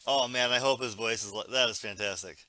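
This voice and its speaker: A man's voice: mid-range voice, brisk, bright, forceful tone, a little hiss or hum. A man hosting a live stream, chatting casually about an interview he is watching, swearing and laughing along. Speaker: stream host reviewing an interview.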